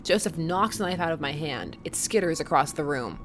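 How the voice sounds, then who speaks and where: A woman's voice: sits low, animated, a little fast, few pauses, over music. A woman hosting a let's play, reading the game aloud with wry, jokey asides.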